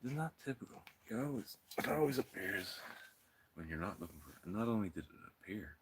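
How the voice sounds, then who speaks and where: Low-voiced Irish man gardening outdoors. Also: very animated, a little fast, noisy background. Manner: rambling and self-mocking, talks to plants and viewers. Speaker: gardening channel host. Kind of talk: live-stream chat while gardening.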